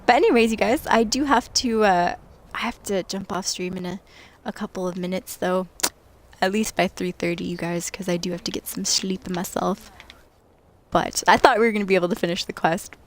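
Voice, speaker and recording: In this casual late-night gaming stream, a young adult woman talks to chat while she plays, giggling along the way. She speaks briskly at a medium pitch.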